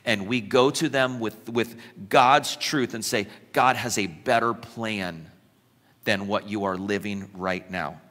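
Recorded with long reverb in a church hall, a pastor delivers his sermon in a lowish, bright, forceful voice, taking it slowly. He jokes with the congregation, acting out quoted voices and adding humorous asides.

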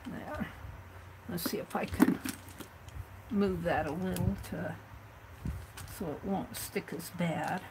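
A woman's voice: lowish voice, slow pace, creaky, pauses often, heavy background noise. Woman chatting through a craft project. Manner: chatty, thinking aloud while working. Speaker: craft livestream host. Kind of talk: casual craft demonstration.

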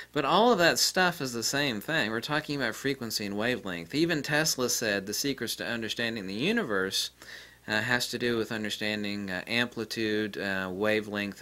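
Guy ranting solo about his ideas, sharp pushy voice, swears a lot, rambly and dismissive. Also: fairly low pitch. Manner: combative, profane and rambling; scornful toward critics. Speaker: channel host.

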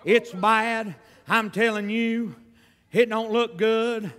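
High, bright preacher in church. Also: male voice, fairly even intonation. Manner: folksy, emphatic preaching with drawn-out phrases. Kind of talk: revival sermon. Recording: hall reverb.

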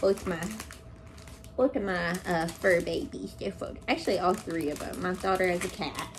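A woman's voice: on the low side, normal speed. A woman talking casually to her viewers in an unboxing vlog at home, gushing and exclamatory as she goes. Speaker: plant vlogger. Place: living room at home. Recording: noisy, crinkling packaging behind.

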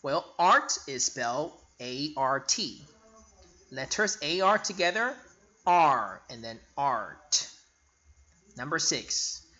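A male phonics teacher with a bright, fairly high voice that rises and falls a lot. He talks slowly and clearly, spelling out letters one by one. He repeats each word for learners to follow. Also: big pitch swings, lo-fi sound. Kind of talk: slow spelling lesson.

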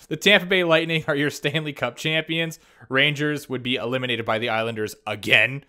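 Bright-voiced excitable young man. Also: mid-range voice. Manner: excitable, quick reactions and laughs while reading stats. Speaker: gaming YouTuber. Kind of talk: casual video game commentary.

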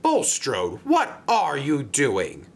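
A man's voice: mid-range voice, huge pitch swings, slow, vocal fry, breathy edge, full character voice. Man doing a strict railway boss telling folks off. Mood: stern. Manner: stern, scolding.

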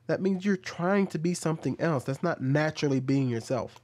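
A man's voice: fairly high pitch, fairly quick, few pauses, a little mellow. A man commentating on video clips, arguing his point and climbing into heated rants. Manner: argumentative, rising into heated ranting.

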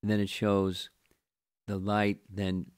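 A man giving a scripture lecture as a spiritual teacher, speaking in a halting way with frequent restarts and repeated words. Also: lowish voice, completely flat delivery, a little mellow, smooth, no room sound.

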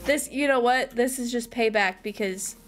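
A woman's voice: a little high, moderate pace. Playful woman chatting on her game stream. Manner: playful, giggly, teasing. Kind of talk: casual gaming stream chat.

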